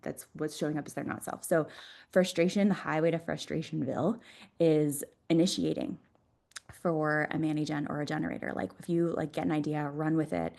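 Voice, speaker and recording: Woman, podcast guest, deep voice, upbeat, talks freely and often laughs. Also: level tone, a little fast, vocal fry, darkish tone. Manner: enthusiastic, laughs often while explaining. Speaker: podcast guest, Human Design mentor. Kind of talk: conversational podcast interview.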